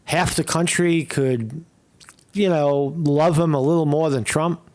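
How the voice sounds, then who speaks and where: A man's voice: on the high side, steady tone, unhurried, darkish tone. A man hosting a casual political commentary stream, rambling and blunt with frequent swearing. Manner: blunt, profane, rambling opinions. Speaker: host.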